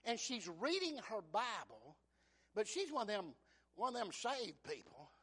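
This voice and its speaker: High-voiced preacher, folksy. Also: male voice, unhurried, breathy edge. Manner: folksy, asks the congregation "amen?" and retells scripture as lively dialogue. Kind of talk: sermon.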